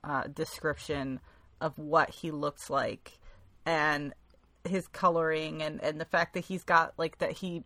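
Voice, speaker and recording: Woman on a book podcast, lowish voice, dry close sound, laughs a lot. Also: level tone, a little slow, a bit bright, no echo. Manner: laughs often, reads passages aloud. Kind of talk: casual book club podcast chat.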